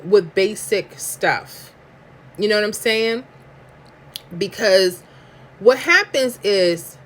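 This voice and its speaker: A woman's voice: mid-range voice, fairly bright tone, a little hiss or hum. A woman from New York with a New York accent, hosting a live stream in chatty, emphatic slang while reading viewer comments aloud.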